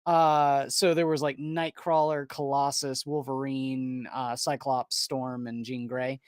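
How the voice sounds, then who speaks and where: A man's voice: medium pitch, little pitch movement, slow pace, clear, resonant tone, no echo, studio quality. A man co-hosting a casual livestream chat, talking hesitantly with many fillers. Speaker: co-host.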